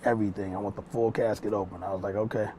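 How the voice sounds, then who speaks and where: A man's voice: lowish voice, steady tone, rapid-fire, mellow, slight background noise. A man, a music producer and mix engineer, telling stories in a casual interview in a small studio room, loose and rambling, with street slang and restarts.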